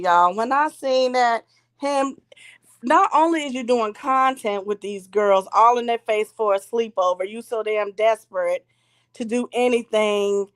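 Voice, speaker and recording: A woman hosting a live online commentary stream, talking casually and animatedly with co-hosts, swearing freely and greeting people joining. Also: medium pitch.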